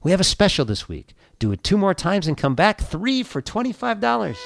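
A man voicing a resourceful old rabbi in a told joke, quiet and understated. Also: high voice, very animated, brisk, creaky, no echo, clean studio sound, pitched above the performer's own voice, heavily acted. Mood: quiet, wry.

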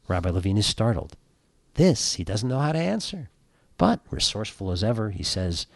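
A man who is a rabbi hosting a radio show, telling an old joke as a lively storyteller. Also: fairly low pitch, fairly quick, creaky, dry recording, clean studio sound.

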